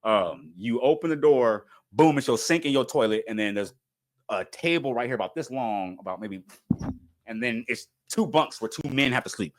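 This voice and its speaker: A man tells a story in a loose, animated way, his pitch leaping up and down as he acts out what was said. He laughs often between lines. The recording is dry and close, with no room sound. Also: normal speed, no room sound. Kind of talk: casual story time.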